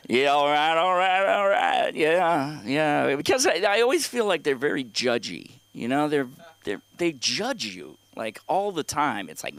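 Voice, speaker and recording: A middle-aged man doing rambling open-mic stand-up at a comedy club. His voice sits a little high for a man and swings up and down a lot. He swears freely and keeps talking straight to the crowd. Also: fairly bright tone. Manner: rambling, profane, talks to the crowd.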